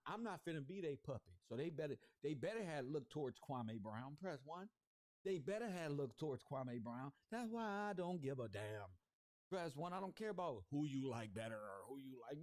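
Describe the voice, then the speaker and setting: Confrontational livestream host, a man, slangy and repetitive, slightly high voice, dry close sound. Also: darkish tone, dry recording. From South Central Los Angeles. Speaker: YouTube commentary host. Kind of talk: livestream commentary rant.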